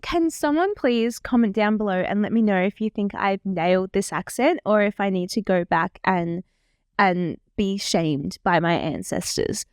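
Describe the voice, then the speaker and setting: A woman's voice: mid-range voice, normal speed, smooth, no room sound, clean studio sound. A woman in her twenties chatting casually as a vlogger, rambling and self-deprecating. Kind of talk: casual reaction chat.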